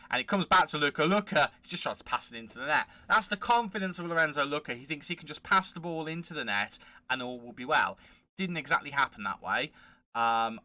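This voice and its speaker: A man narrates a football management game in a chatty, excitable let's play commentary. His voice sits a touch high with a piercingly bright, tense edge. The sound is close and dry, with no room around it. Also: no echo. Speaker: gaming channel host.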